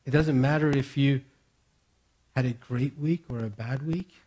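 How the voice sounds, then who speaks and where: A man preaching a sermon as pastor, moving between raised, emphatic declarations and hushed, near-whispered reassurances. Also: mid-range voice, a little slow.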